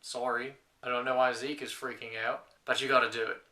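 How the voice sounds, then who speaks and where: A man's voice: medium pitch, flat delivery, brisk, sharp tone, recorded from a distance, close to an everyday voice. A man voicing a mother as he retells a story, keeping close to his own voice. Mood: insistent. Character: insistent mother of a young boy.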